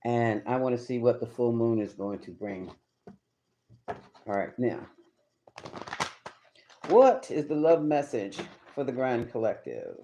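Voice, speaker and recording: A man's voice: medium pitch, very animated, unhurried, pauses often, warm tone. Guy doing a live tarot reading, chatty, emphatic, kinda noisy audio. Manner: chatty, emphatic, talks to viewers as y'all. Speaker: tarot reader.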